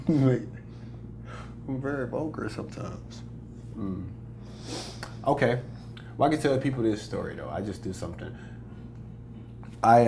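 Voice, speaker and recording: A man's voice: fairly low pitch, a little hiss or hum. A young American man, a comedian, chatting casually in an interview, boastful and joking, laughing often. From United States. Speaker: comedian guest.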